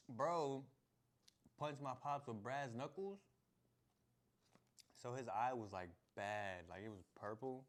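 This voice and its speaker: A young man tells a story straight to his viewers in loose, slangy talk. He laughs often and acts out the moments as he goes. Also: medium pitch. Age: young adult. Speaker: vlogger. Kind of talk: casual storytelling to camera.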